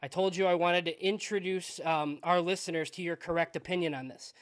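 Male podcast host, casual interviewer, somewhat high voice. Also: brisk. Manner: relaxed, conversational questions.

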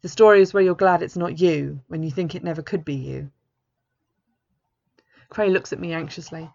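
A woman's voice: low-pitched, normal speed, gravelly, a little mellow. A woman author reading her own novel aloud in the first person, in a plain and understated way. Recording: dull lo-fi recording.

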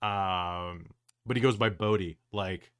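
A man's voice: sits low, slow, fairly bright tone, clean tone. A man hosting a casual podcast chat as game master, rambling with lots of fillers and restarts.

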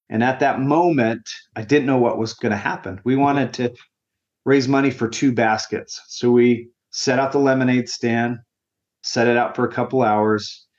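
A man's voice: mid-range voice, darkish tone, muffled recording. A man in his forties, a grief counselor as an interview guest, telling his personal story in an earnest, heartfelt way. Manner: earnest and heartfelt, sometimes emotional.

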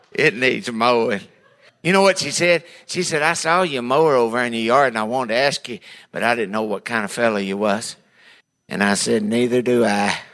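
A man's voice: medium pitch, normal speed, fairly bright tone. A man preaching a sermon, telling folksy, humorous stories and acting out the voices of the people in them. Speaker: pastor. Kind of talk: storytelling sermon.

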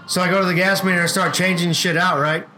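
A man's voice: high voice, flat delivery, fast talker, bright, forceful tone, soft background music. A man co-hosting a casual podcast, telling a work story with lots of swearing and acted-out quotes. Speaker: podcast co-host.

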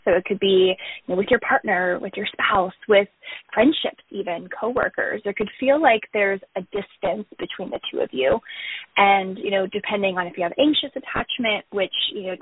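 A woman's voice: mid-range voice, slightly rough, no room sound. Woman therapist explaining over a phone line. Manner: calm, explanatory, frequent "you know". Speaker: therapist guest. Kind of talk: podcast interview. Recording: tinny phone-line audio.

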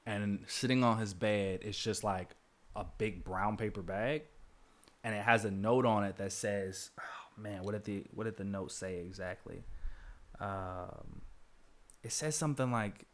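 This podcast host's lowish voice is unhurried as he recounts a film scene after scene. He rambles, leans heavily on fillers, and quotes dialogue with some acting.

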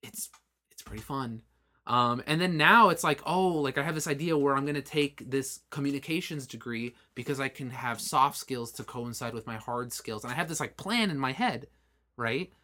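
A man in his late twenties co-hosting a podcast, talking casually and animatedly, with frequent swearing. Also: mid-range voice. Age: late 20s. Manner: animated, swearing, quick asides. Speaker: podcast co-host. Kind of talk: casual chat.

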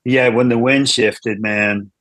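A man's voice: medium pitch, fairly even intonation, slow, a bit bright, no echo. Guy comic telling a story, keeps restarting and going off on side notes, dry close sound. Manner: rambling with frequent restarts and asides. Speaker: comedian guest. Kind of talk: casual storytelling.

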